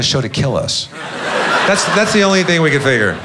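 A middle-aged man telling a stand-up story with a dry, deadpan delivery and bursts of mock defiance. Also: on the high side, brisk. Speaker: stand-up comedian. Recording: live stand-up with loud crowd laughter. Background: loud audience laughter and noise.

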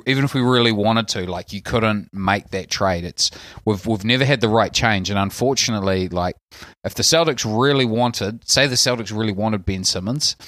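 Low, dry-voiced New Zealand man chatting. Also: no room sound. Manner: relaxed rambling with many fillers. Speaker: podcast co-host. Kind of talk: casual chat.

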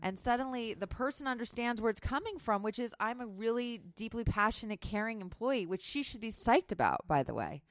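A woman's voice: a little high, lively intonation, fairly quick, few pauses, no room sound, studio quality. A woman, an author being interviewed on a podcast, telling candid stories about her work with a self-deprecating touch. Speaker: author, guest.

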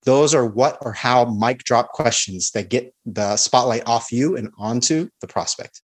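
A man's voice: mid-range voice, unhurried. Confident man teaching sales on a podcast. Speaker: sales expert guest. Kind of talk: podcast interview.

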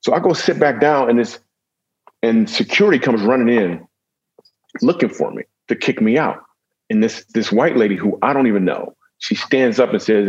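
Husky, lowish man, comedian guest, jokey storyteller, dull lo-fi recording. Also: expressive, moderate pace, darkish tone. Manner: jokey, with self-deprecating asides. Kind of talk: humorous storytelling in a conversation.

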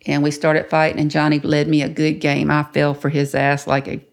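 Older lady telling it straight, cussing, lowish voice, acts out the other folks. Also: moderate pace, gravelly. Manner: blunt, profane, quotes others in lively voices. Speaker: interviewee. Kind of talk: candid storytelling.

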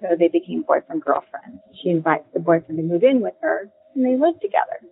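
A woman telling a personal ghost story in a casual, halting way, with many ums and restarts. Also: lowish voice, animated, gravelly, slightly rough. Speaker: caller sharing a ghost story. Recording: tinny phone line.

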